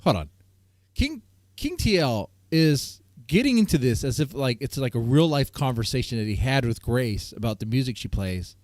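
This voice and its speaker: A man's voice: medium pitch, sing-song, moderate pace, a little mellow, dry recording, clean studio sound. A man hosting a stream, reacting to a clip with incredulous questions and laughter. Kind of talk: reaction commentary.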